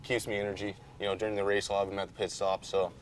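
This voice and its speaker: Low-voiced easygoing racer. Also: male voice, fast, a little hiss or hum. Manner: easygoing, rambling, animated when retelling. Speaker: off-road truck racer, guest. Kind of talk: casual chat.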